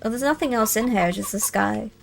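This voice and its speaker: A woman's voice: on the high side, fairly quick, vocal fry, faint music behind. A young woman streaming a game, chatting as she plays and reading the game text aloud. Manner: chatty, easily distracted, reads game text.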